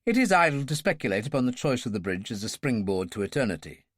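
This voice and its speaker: A man narrating a thriller audiobook in a measured, expressive storytelling manner. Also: medium pitch, no echo, studio quality.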